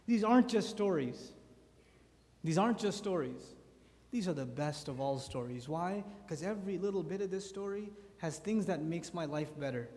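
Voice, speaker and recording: A man in his thirties giving an animated sermon at a youth conference, full of rhetorical questions. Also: a little high, moderate pace. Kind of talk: lecture sermon. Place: large conference hall. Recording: hall reverb from a conference hall.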